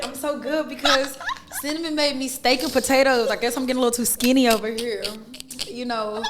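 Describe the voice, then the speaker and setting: A woman's voice: high voice, fairly even intonation, fairly quick, noisy background. A woman co-hosting a podcast, playful and laughing often in casual chat. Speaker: podcast co-host.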